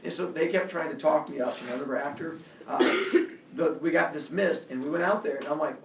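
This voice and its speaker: A man's voice: on the high side, fairly quick, roomy sound, far from the mic, a little hiss or hum. A man, a coach, telling a personal story casually and acting out the voices of the people in it. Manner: animated, acts out quoted voices.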